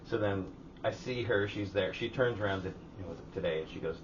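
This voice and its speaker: A man's voice: lowish voice, fairly quick, recorded from a distance, highs cut off, a little hiss or hum. A man co-hosting a casual podcast from his garage, telling long profane stories, acting out other people's lines, hot and sweating. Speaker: podcast co-host. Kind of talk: casual chat. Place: home garage.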